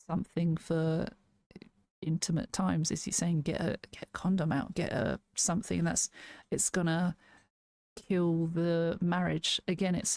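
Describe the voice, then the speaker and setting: A woman's voice: lowish voice, darkish tone, dry recording, studio quality. A woman casually reviewing an album, thinking aloud, restarting sentences and laughing now and then. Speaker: music reaction host.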